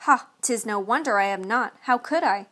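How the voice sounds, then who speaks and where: A man's voice: high voice, moderate pace, pushed and bright. A woman reading as a blustering giant bully. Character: boastful gluttonous male giant bully.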